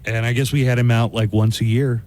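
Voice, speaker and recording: A man's voice: mid-range voice, level tone, brisk, a little mellow. A man hosting a radio show, chatting casually on air with jokey, rambling asides. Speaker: radio host. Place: radio studio. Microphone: studio microphone.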